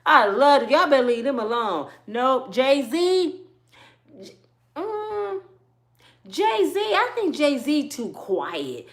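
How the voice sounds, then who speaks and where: A woman ranting about celebrity gossip to her viewers, animated and profane, quizzing them with rhetorical questions. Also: medium pitch. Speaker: vlogger.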